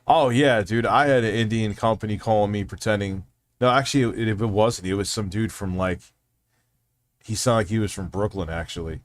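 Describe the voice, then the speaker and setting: A man's voice: on the low side, moderate pace. A man hosting a casual livestream, rambling and swearing freely while reading out chat messages. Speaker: livestream host.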